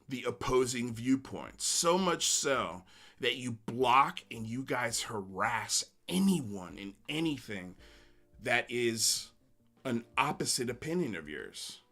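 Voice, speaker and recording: A man's voice: mid-range voice, pushed and bright. Blunt, sarcastic male livestreamer. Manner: blunt, sarcastic, laughs often. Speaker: livestream host. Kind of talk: casual livestream rant and comment reading.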